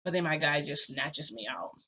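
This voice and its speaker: A young woman with a bright, forward voice spins a casual first-person story for her viewers. Her talk is loose and chatty, full of "like" and "you know," and she keeps turning to speak straight to the audience. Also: deep voice, fairly even intonation, normal speed, slightly rough. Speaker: storytime vlogger.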